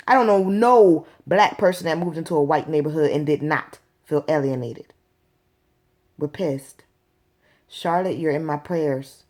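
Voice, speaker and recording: A woman's voice: mid-range voice, a little mellow. A woman hosting her own video show, talking straight to viewers in a blunt, exasperated rant. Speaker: show host. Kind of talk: casual vlog rant.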